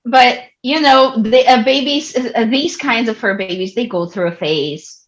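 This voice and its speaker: A woman in casual podcast chat, expressive and hesitant, with restarts as she forms her point. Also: a little high, measured pace, poor audio.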